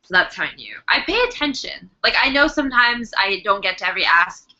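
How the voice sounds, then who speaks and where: A woman's voice: medium pitch, big pitch swings, a little fast, pushed and bright. A woman co-hosting a live video chat, chatty and giggly as she reads out viewer questions. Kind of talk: casual chat. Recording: dull lo-fi webcam audio.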